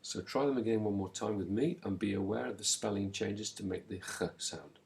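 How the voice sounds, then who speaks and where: A man teaching a recorded language lesson, slowly and clearly modelling words and pausing so the listener can repeat them. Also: fairly low pitch, lively intonation. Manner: slow, clear modelling of words with pauses for repetition.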